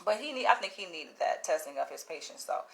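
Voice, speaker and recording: A woman vlogging, telling a story in a casual, animated way, swearing freely, laughing and acting out what others said. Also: lowish voice, fast, vocal fry. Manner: animated, profane, laughs often, acts out quotes.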